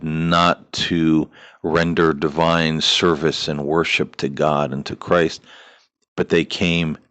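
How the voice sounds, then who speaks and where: Deep-voiced man, earnest spiritual talk. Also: a bit bright, dry recording. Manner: earnest, repetitive lists, frequent "uh" and "you know". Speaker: host of a paranormal talk show.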